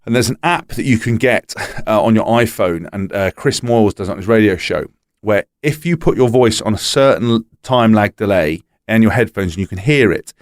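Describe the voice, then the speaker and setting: A man's voice: on the low side, animated, normal speed, no echo, studio quality. A retired rugby player, a man, telling stories in casual podcast chat, swearing freely and restarting often. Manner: chatty storyteller, swears freely, frequent restarts.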